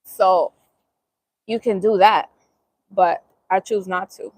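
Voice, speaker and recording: A woman's voice: medium pitch, steady tone, slow, no room sound. A woman with a Bronx New York accent chatting casually on a live stream while eating, answering viewers' comments and laughing easily. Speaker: vegan cooking channel host.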